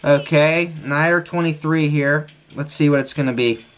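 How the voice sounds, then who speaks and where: A man streaming a casino session, frustrated, talking excitedly and repeating his pleas to the wheel. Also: fairly high pitch, moderate pace, a little hiss or hum. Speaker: gambling streamer. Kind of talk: live casino session commentary.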